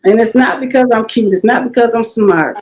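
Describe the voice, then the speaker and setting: A woman's voice: a little high, a little fast, a little hiss or hum, low-quality recording. A woman guest in a casual interview, telling stories animatedly and acting out what others said. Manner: animated storytelling, quotes others in lively voices.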